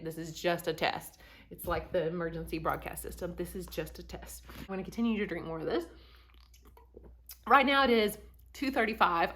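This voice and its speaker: A woman's voice: fairly low pitch, sharp tone. A young woman vlogging about her reading to camera in a casual, chatty way, tired and self-deprecating with light laughs. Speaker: book vlogger.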